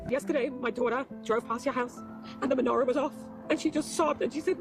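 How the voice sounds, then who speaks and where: A woman's voice: sits high, steady tone, fast, music in the background. A woman who runs a Chabad center, speaking passionately and emphatically in an interview. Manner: passionate and emphatic, defiant declarations. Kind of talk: emotional interview.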